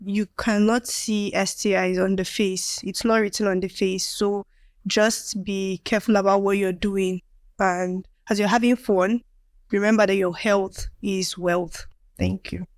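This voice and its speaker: Slow-spoken woman nurse. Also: mid-range voice, level tone, no echo. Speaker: nurse guest. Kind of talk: podcast interview.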